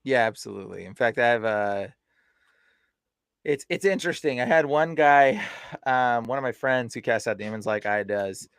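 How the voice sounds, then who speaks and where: A man's voice: mid-range voice, normal speed, clear, resonant tone, no echo, studio quality. A man who is a podcast guest and deliverance minister, telling stories casually and animatedly, acting out the people he quotes. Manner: animated, retells stories with quoted voices and laughs. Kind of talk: casual storytelling.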